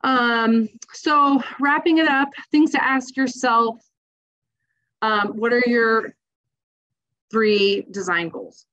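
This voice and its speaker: A woman's voice: fairly high pitch, slow pace, long pauses, fairly bright tone. A woman giving a casual, enthusiastic slideshow talk as a landscape design presenter, chatty with lots of fillers. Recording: dull lo-fi sound.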